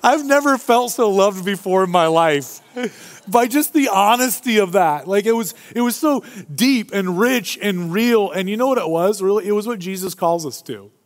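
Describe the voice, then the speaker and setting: A man preaching a sermon as pastor, animated, acting out the people he quotes. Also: sits high, moderate pace. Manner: animated, acts out quoted voices. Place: church sanctuary. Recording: long hall reverb.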